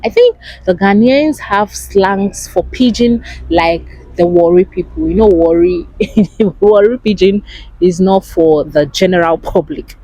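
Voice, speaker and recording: A young woman with a Nigerian accent, chatting casually to camera in an animated way and asking rhetorical questions. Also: fairly low pitch, no echo, rough recording. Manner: animated, asks rhetorical questions, laughs often. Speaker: vlogger.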